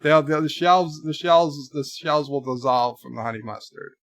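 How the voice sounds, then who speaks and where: Man, livestream host, rambling deadpan jokes, mock accent, fairly high voice, dry close sound. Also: normal speed, dry recording. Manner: rambling, jokey deadpan nonsense. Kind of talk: casual livestream chat answering viewer messages.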